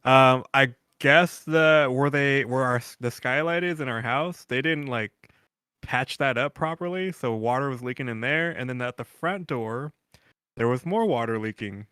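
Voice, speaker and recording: A man co-hosts a podcast in loose, casual chat, wandering through stories and swearing freely. His voice is bright and crisp. The sound is dry and close. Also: mid-range voice, moderate pace, no room sound. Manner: rambling storyteller, curses freely. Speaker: podcast co-host.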